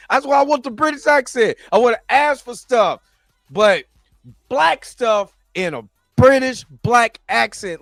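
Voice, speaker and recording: A man's voice: high-pitched, fairly bright tone, dry recording. A man hosting a live reaction show, chatting loosely and joking around, rambling with frequent laughs. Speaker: host. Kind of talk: casual reaction livestream chat.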